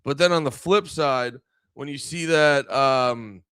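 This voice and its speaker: A man's voice: mid-range voice, slow pace, fairly bright tone, clean tone, no room sound. A man hosting a podcast, ranting casually with lots of swearing and filler words. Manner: rambling, swears a lot, many fillers. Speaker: podcast host. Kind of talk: casual profane podcast rant.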